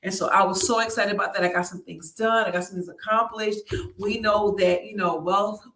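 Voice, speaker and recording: Giving a motivational talk on her live online show, a woman stays chatty and lively, often engaging her listeners with "y'all" and "right?". Her medium-pitched voice moves fairly quickly in an echoey room, with a distant mic.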